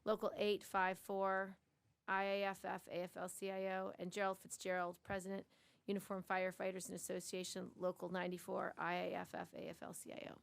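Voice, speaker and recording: A woman emcee formally introducing speakers at an event, briskly reading out their titles. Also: mid-range voice, completely flat delivery, creaky.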